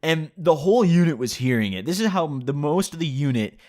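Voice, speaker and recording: A man's voice: fairly high pitch, animated, brisk, a little mellow. A young man telling a story in a casual way, laughing and swearing freely, with a lot of "like" and "you know". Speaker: vlogger.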